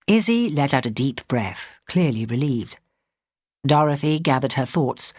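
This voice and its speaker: A woman narrating a story in a measured storytelling voice, close to a studio mic. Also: a bass voice, sing-song, darkish tone, dry recording. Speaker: audiobook narrator. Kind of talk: scripted narration.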